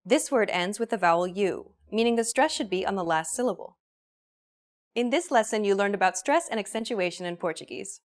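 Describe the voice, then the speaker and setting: A woman hosting a language course, reading a scripted lesson in a clear, even teaching manner. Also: medium pitch, a little fast.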